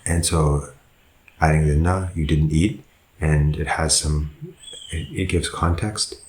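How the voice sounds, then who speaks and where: A man's voice: a bass voice, fairly even intonation, takes it slowly, darkish tone, roomy sound. A man, a monk, teaching a language lesson, who goes through example sentences patiently and often corrects himself. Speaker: Buddhist monk teaching Pali.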